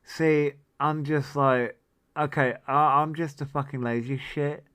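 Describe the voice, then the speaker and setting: A man in his forties hosts a relaxed livestream, answering viewer comments as he rambles. His voice is smooth and clean, and he takes his time between swear-laden, disbelieving asides. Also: a little high, a little slow. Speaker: livestream host. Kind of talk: casual livestream chat reading viewer comments.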